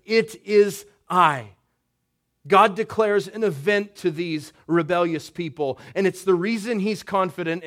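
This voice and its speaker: A man in his thirties giving a sermon as pastor, conversational, with wry humor and slow, emphatic phrases. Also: fairly high pitch.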